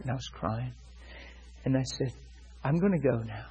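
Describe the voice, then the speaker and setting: A man delivers a sermon through a personal story, voicing both himself and the other man in the quoted talk. His voice is very husky and breathy, and he keeps checking that his listeners are following him. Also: medium pitch, moderate pace, dark tone, lo-fi sound. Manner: retells a personal story, quoting both sides; asks listeners if they follow. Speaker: preacher.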